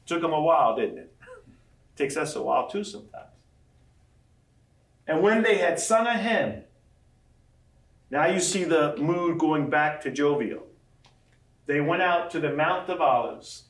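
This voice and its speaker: A male pastor preaching a sermon with a fairly high voice, lively and acting out the quotes he reads. He stands back from the microphone, and his voice rings around an echoey room. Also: unhurried, long pauses, distant mic. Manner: animated, acts out scripture quotes. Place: large room with audience.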